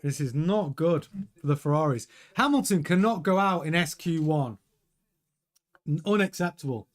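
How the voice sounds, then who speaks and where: A man hosting a live race watchalong, chatting excitably over the timings with frequent stumbling restarts. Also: a little high, normal speed. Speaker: host.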